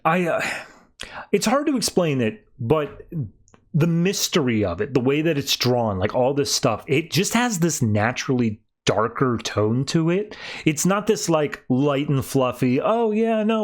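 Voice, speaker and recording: A young man hosting a podcast, casually recapping and reviewing a comic issue, acting out the characters' lines with big jumps in his voice. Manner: animated retelling, acting out quoted lines with pitch jumps.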